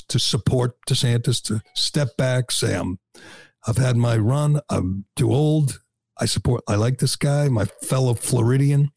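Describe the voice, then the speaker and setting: A man's voice: mid-range voice, gravelly, a little mellow, husky, dry recording, clean studio sound. A male host talking casually and wryly, laughing often. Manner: chatty, wry, laughs often. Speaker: show host. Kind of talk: casual political talk.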